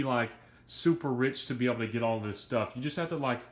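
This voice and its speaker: A young man talking casually and earnestly to his viewers in a vlog, energetic and a bit out of breath, with lots of slang. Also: medium pitch, a little fast, roomy sound. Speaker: YouTuber.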